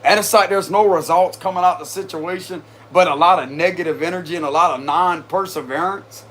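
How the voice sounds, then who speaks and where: A man's voice: sits high, a little fast, a bit bright, slight background noise. A man giving a casual tarot reading, chatty and slangy, talking straight to his viewers and often breaking into laughter. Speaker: tarot reader.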